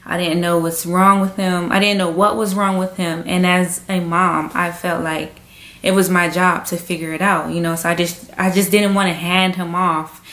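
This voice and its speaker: A young woman talking frankly in a personal vlog at home, halting and emotional, with many fillers. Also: lowish voice, flat delivery, a bit bright. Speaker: vlogger. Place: indoors at home. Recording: echoey room, faint ambience.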